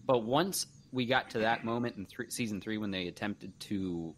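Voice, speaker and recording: A man's voice: on the low side, moderate pace, slight background noise. A man co-hosting a casual podcast, speaking bluntly and emphatically with harsh criticism. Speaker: podcast co-host. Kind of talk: casual chat.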